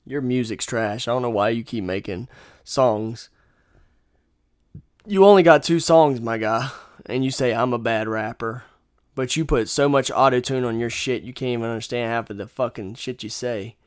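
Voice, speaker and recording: A man's voice: mid-range voice, normal speed, clear, resonant tone, no room sound, clean studio sound. A man ranting angrily about his critics, combative and swearing constantly in a casual monologue. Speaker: podcast host.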